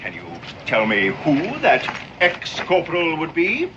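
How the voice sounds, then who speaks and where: An actor playing a haughty, sarcastic British commodore who speaks in a clipped, dry way, in a 1960s television drama. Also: male voice, on the high side, huge pitch swings, measured pace. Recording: dull old TV soundtrack with background noise.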